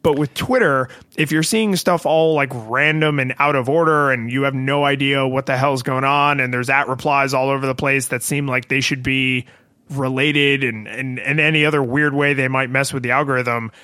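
A man's voice: medium pitch, moderate pace, no echo, studio quality. A man co-hosting a podcast, talking casually and wryly about tech companies and acting out quoted voices. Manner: wry, animated, acts out quoted voices.

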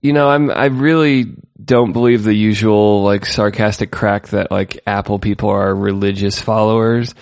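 Man, podcast co-host, sarcastic, chatty, low voice, dry close sound. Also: steady tone, normal speed, hardly any pauses, darkish tone, no room sound. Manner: sarcastic, chatty, laughs often. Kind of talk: casual tech podcast chat.

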